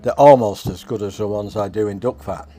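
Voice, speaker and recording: A man's voice: on the low side, fairly even intonation, a little fast, dark tone. A man chatting casually as a home cooking vlogger, tasting his food on camera and talking with his mouth full. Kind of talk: casual taste-test chat.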